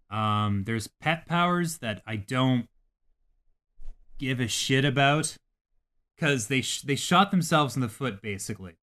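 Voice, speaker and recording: A man's voice: medium pitch, fairly bright tone. A man co-hosting a gaming podcast, talking casually and animatedly, swearing freely as he rants about games. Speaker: podcast co-host.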